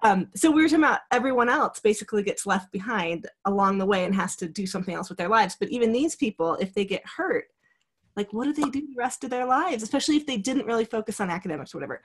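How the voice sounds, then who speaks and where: A woman's voice: a little high, lively intonation, fast, slightly rough. A woman hosting a podcast interview, asking questions in a curious, conversational way. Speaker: podcast host. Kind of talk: casual interview chat.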